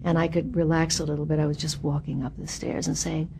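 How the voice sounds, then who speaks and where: An older woman, an actress, telling animated and self-mocking anecdotes from her career in an interview, laughing at her own stories. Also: low-pitched, fairly quick, gravelly, hardly any pauses, slight background noise.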